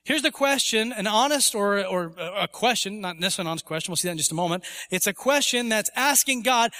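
A man's voice: high voice, animated, fast talker, hardly any pauses, pushed and bright, big-room sound. A man preaching a sermon in church as pastor, emphatic and rising to voice imagined objections. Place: church sanctuary.

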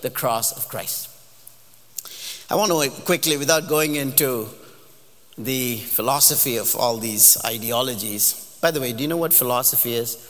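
An animated man preaching a sermon, his voice sitting a little high as he drives each point home with emphasis. He swings between playful asides and earnest pleas. A long reverb from the church hall trails every phrase. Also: unhurried, long pauses.

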